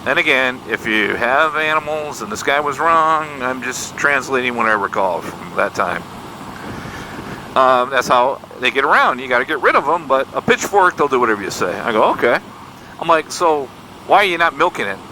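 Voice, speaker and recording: An older man in a casual, folksy ride-along vlog, poking fun at himself as he tells a tale. His voice is bright and swings up and down a lot. Faint road noise hums underneath. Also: medium pitch, normal speed, low-quality recording. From Michigan, USA. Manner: folksy, self-deprecating, animated retelling of dialogue. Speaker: motorcycle vlogger. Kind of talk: casual storytelling while riding. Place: outdoors on a motorcycle on country roads. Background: faint road and vehicle noise.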